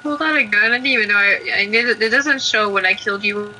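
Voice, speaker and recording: Playing a video game with her cousin, a woman talks fast in a mid-range voice with a sharp edge, blunt and relaxed, swearing casually as they trade gaming banter. The recording is rough, with a slight hiss or hum.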